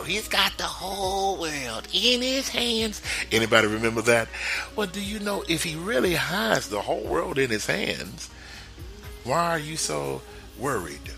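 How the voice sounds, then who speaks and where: Male inspirational radio host. Animated and encouraging, chuckles often, faint music behind. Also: mid-range voice, vocal fry. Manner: lively, chuckling, speaks straight to listeners. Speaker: spiritual talk show host.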